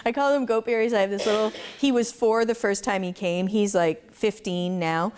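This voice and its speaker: Speaking at a medium pitch with fairly even intonation, this goat farmer talks at a normal speed in a smooth, slightly mellow voice. She's a middle-aged conference speaker, chatty and laughing as she tells stories to a live crowd, with faith woven in.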